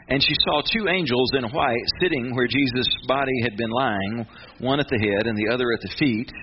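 A man's voice: fairly low pitch, dull audio, background noise. A man preaching a sermon, retelling a story with rising fervor and voicing the people in it. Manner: builds to near-shouting fervor, acts out voices of angels and Mary. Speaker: pastor.

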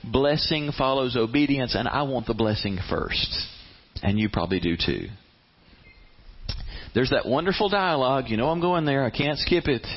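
A man preaching a sermon on giving, animated and punchy, with sudden loud rises in his voice. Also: medium pitch, breathy edge, dull audio. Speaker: pastor.

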